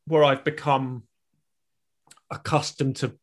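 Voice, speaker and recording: A man's voice: mid-range voice, flat delivery, slow pace. A man, a stand-up comedian, musing in casual chat with a self-deprecating manner.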